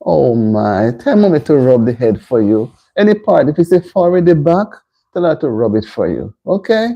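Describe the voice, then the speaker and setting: A middle-aged woman, talking viewers through kitchen prep on a live stream. Her voice is soft-edged and mellow, and her pitch rises and dips widely as she chats. She keeps breaking off to greet people in the chat by name. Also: very animated, normal speed, creaky, highs cut off. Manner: chatty, greeting viewers by name between cooking tips. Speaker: host of a live cooking stream.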